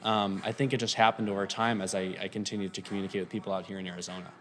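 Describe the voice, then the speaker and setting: A man's voice: low voice, racing. A man in his thirties with a faint Minnesota accent, chatting casually as a podcast guest and rambling with lots of ums. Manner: relaxed, rambling, many fillers. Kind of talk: casual interview chat.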